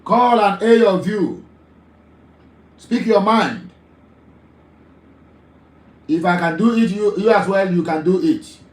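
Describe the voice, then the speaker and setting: A man's voice: high-pitched, takes it slowly, long pauses, echoey room, low-quality recording. A Nigerian man hosting a live call-in talk show, emphatic, often repeating his phrases.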